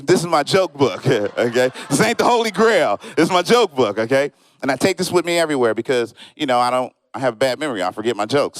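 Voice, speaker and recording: A man doing a stand-up comedy set on stage, telling stories in an animated way and acting out the people in them. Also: mid-range voice, dry recording. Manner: animated storytelling, acts out friends and strangers in quoted voices. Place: comedy show stage, live audience.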